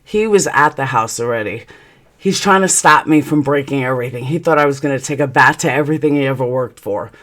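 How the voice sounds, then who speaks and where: Woman, very low voice, storytime vlog, heated, blunt, swears a lot, rambling asides. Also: fairly bright tone. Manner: quick rambling asides and restarts. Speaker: channel host.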